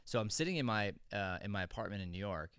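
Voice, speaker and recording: A man's voice: lowish voice, expressive, quick pace, a bit bright, clear, resonant tone, no room sound, clean studio sound. A middle-aged man hosting an acting podcast, talking in an earnest, rambling way with frequent restarts. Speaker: acting coach and podcast host. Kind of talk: casual podcast chat.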